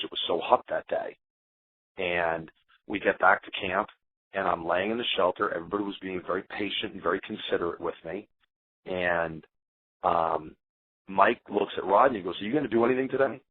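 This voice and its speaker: A man's voice: low-pitched, husky, dry recording. A man, an eliminated contestant, telling his side in a heated interview and acting out what others said. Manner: animated, defensive storyteller acting out quotes. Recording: tinny phone line.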